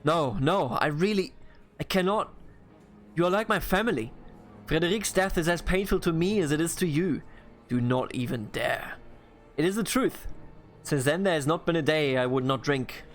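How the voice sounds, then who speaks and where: A man voicing a remorseful middle-aged drunkard father on trial, reading his lines in a pleading, halting way from a video game. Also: fairly high pitch, animated, soft background music, lightly acted.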